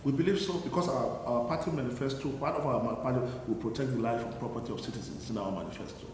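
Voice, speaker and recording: A man speaks as a party spokesman in an interview. His voice is mellow and dark, with even pitch. His answers are measured and explanatory. The room has a long, echoey reverb. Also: a little hiss or hum. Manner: measured, explanatory, repeats words when restarting.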